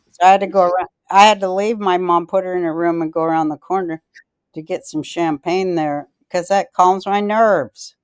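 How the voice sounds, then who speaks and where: A woman podcast host tells rambling, profane stories in a smooth, clear voice. The sound is dry and close. She is blunt and drifts off topic. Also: lowish voice, no room sound. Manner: rambling, profane and blunt, loses her thread. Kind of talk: casual rambling storytelling chat.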